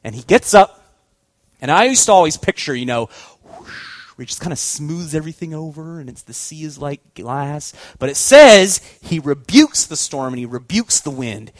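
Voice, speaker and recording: A man giving a storytelling sermon as a youth pastor, animated and acting out voices, laughing often. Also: a little high, moderate pace, no room sound.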